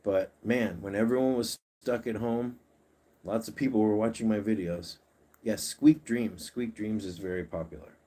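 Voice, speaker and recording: A man with a fairly low voice hosts a casual livestream. He coaxes his pets along and chats easily with the viewers. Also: normal speed, dark tone. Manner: coaxing, chatty, talks to his pets and reads viewer comments. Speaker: pet channel host.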